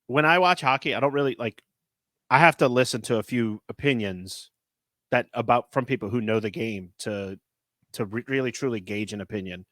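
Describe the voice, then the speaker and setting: A man hosting a casual sports podcast, talking in an animated, rambling way with lots of filler words. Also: medium pitch, normal speed, dry recording, studio quality. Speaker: podcast host.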